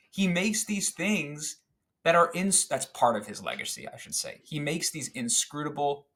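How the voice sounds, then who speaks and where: Podcast guest, male, mid-range voice, talks in an excited, rambling stream full of fillers. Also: medium pitch. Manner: animated, rambling with fillers and restarts. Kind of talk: casual chat recounting a favorite film scene.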